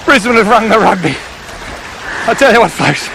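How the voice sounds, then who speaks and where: Excitable Australian man on a boat. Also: sits high, moderate pace, gravelly, noisy background. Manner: exclaiming, playful, teasing. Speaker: fishing show host. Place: on a fishing boat at sea. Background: music.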